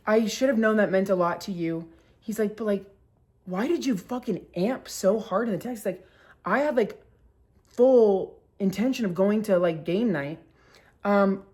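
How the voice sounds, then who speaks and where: In a casual storytime vlog, a young woman in her twenties speaks at a medium pitch and normal speed. She animatedly acts out what other people said and swears freely as she tells the story.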